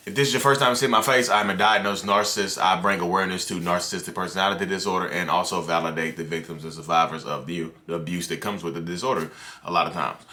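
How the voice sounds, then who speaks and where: Deep-voiced man talking casually to camera. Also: steady tone, quick pace, sharp tone. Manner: conversational and loose, with many "you know" and "like" fillers and restarts. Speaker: mental health content creator.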